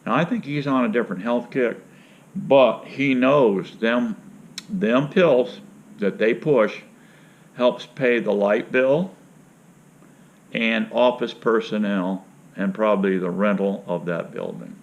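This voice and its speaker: Folksy rambling man, low and muffled. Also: slow. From Florida. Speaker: vlogger. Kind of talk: casual storytelling rant. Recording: dull lo-fi sound.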